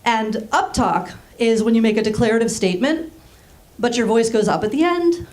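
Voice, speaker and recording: A woman in her thirties, raised in Germany, doing a deadpan stand-up set on a small theater stage with frequent ums. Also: a little high, normal speed. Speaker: stand-up comedian. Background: audience laughing.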